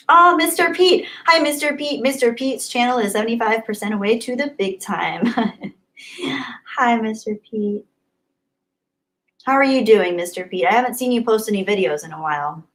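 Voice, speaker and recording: A woman's voice: medium pitch, moderate pace, pauses often, rough recording. Bubbly young woman chatting on a livestream. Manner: bubbly and effusive, often laughing. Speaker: livestream host reading chat. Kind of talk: casual live-stream chat.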